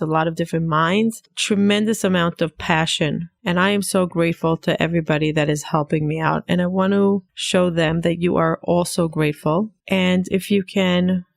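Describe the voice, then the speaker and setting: Thirties woman, solo podcast host, very creaky fry, dry booth sound, earnest and repetitive. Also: fairly low pitch, fairly even intonation, moderate pace, few pauses, no echo. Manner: earnest, warm-hearted, speaks in repetitions.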